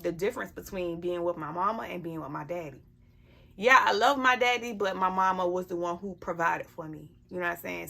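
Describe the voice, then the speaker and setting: Her voice is gravelly and medium-pitched, with a sharp tone. In a casual personal vlog, a mother addresses her camera bluntly and emphatically about parenting and life advice, repeatedly asking her listener "you know what I'm saying."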